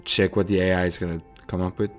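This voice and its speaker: A man playing a text adventure game, reading the story out and musing over his choices with hesitant pauses. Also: sits low, level tone, faint music behind. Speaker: player narrating a text adventure. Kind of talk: reading and thinking aloud.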